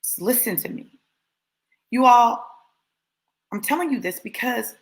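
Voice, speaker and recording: A woman giving a casual, animated testimony to live viewers, repeating phrases for emphasis as she tells her story. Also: on the high side, measured pace, pauses often, poor audio. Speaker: motivational speaker addressing live viewers.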